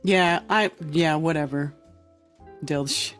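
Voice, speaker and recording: Woman host, casual rant to camera, blunt and profane, soft music in the background. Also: low voice, slow. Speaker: podcast host. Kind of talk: casual live-stream rant.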